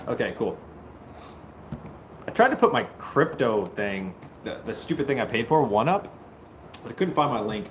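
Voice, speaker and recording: A man hosting a casual live stream, greeting viewers and joking, at times breaking into loud mock-taunting. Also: lowish voice, slight background noise. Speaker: livestream host. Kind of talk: casual livestream chat with viewers.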